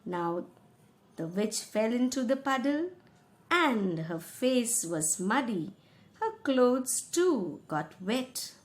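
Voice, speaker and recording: A woman's voice: on the high side, sing-song, slow. A woman teacher, patiently reading a school play aloud and explaining each passage in simple words.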